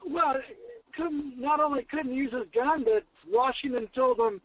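A man's voice: very high-pitched, unhurried, no echo. A man calling in to a talk show and speaking bluntly and emphatically. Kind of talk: casual chat. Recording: tinny phone line.

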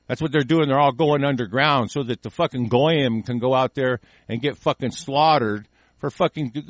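A man's voice: mid-range voice, no room sound. A man hosting a call-in show, delivering an angry, profane political rant in heated bursts.

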